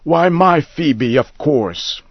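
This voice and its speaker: A man's voice: fairly high pitch, lively intonation, takes it slowly, no room sound, dull audio, pitched above the performer's own voice, full character voice. A man voicing a confused, grieving old farmer who insists his dead wife is alive. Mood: hopeful. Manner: insistent, pleading.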